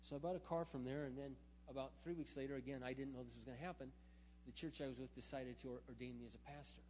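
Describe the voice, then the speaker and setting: A man, a pastor, preaching through a personal story, animated, with loud emphatic bursts and quiet asides. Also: medium pitch, fast talker. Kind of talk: sermon storytelling. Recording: dull sound in a reverberant hall, faint hum.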